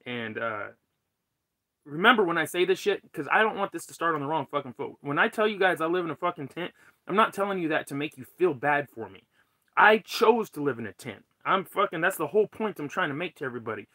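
A man's voice: fairly high pitch, animated, fairly quick, sharp tone, no room sound. A man live-streaming an angry, profane rant from his tent as a cannabis vlogger. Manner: heated, profane, ranting. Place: tent under a carport.

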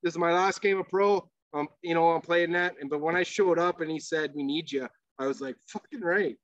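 Brisk and somewhat high-voiced, the ex-pro hockey player rattles off stories on a podcast, swearing freely and laughing as he goes in an animated, casual way. The audio is dull, without any echo.

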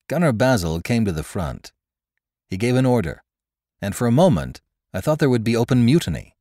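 A man narrating an adventure story in a dramatic, expressive reading. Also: mid-range voice, a little fast, dry recording, clean studio sound. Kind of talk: audiobook narration.

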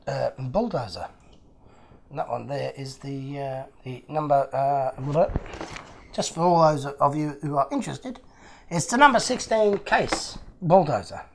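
A man's voice: a little high, vocal fry, slight background noise. A man hosting his own channel, chatting casually and with delight as he unboxes fan mail, chuckling often.

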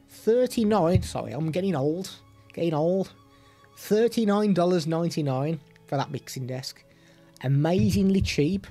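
A man's voice: a little high, warm tone. A man streaming live while demoing audio gadgets, chatty with self-deprecating asides, into a studio microphone. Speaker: streamer reviewing products.

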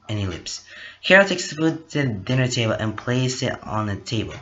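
A man's voice: mid-range voice, expressive, a little fast, fairly bright tone. A man narrating a homemade story in a plain, unpolished casual reading. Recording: dull lo-fi recording.

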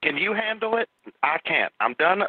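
A man's voice: sits high, big pitch swings, normal speed, over a noisy crowd. A man working as a police dispatcher, curt and exasperated with the caller. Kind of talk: phone call. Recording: tinny phone line.

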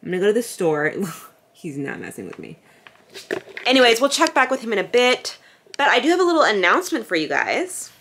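A young woman vlogging at home in casual chat, chatty and softly coaxing her dog. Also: on the high side, huge pitch swings, fairly quick, a little hiss or hum. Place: home room. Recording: echoey room.

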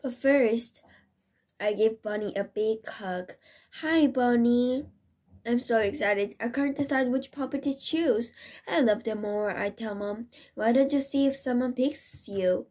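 A young woman with a somewhat high voice reads a children's picture book aloud. She reads expressively, fixing small slips as she goes. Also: unhurried, a little mellow. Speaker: storybook reader.

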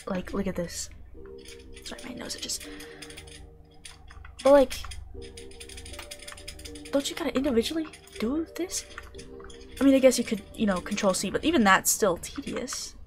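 A woman's voice: fairly high pitch, expressive, moderate pace, long pauses, soft background music. A young woman casually commenting while playing a game, mumbling jokes and swearing under her breath. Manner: mumbling, joking asides, swears. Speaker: gaming channel host. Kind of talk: casual let's-play commentary.

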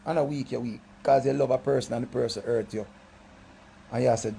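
Middle-aged Jamaican man, gravelly voice, rambling comic storyteller, drops low then erupts loud. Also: flat delivery, a little fast, slight background noise. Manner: swings from low mutters to loud outbursts. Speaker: comedic storyteller.

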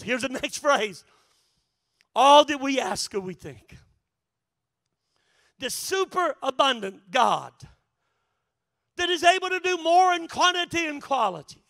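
High, bright-voiced preaching man. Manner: emphatic preaching, often shouting for emphasis; acts out imagined dialogue with repeated phrases. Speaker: pastor. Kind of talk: sermon.

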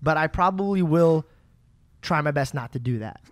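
A man's voice: a little high, lively intonation, normal speed, dry recording. Passionate, swearing male podcast co-host. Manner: passionate, swears freely, stumbles over words when upset. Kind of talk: casual podcast chat.

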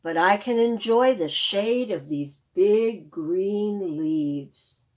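A woman voicing a big male lion who speaks in a slow, loud purr, reading a picture book aloud. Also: medium pitch. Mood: content. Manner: slow, loud purring speech.

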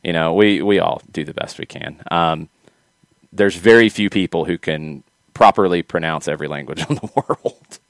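Low, smooth-voiced male host, casual and rambly, dry mic. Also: normal speed, no room sound. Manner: rambling, self-correcting, chatty. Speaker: podcast host. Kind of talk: casual sports talk.

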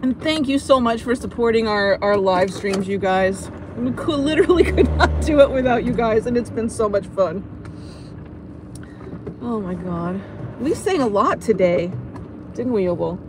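An American woman hosting a casual live stream from inside a car, chatty and giggly and quick to poke fun at herself, talking into a phone held up. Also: fairly high pitch, lively intonation. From United States. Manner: chatty, giggly, self-mocking. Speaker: livestream host. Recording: car road noise.

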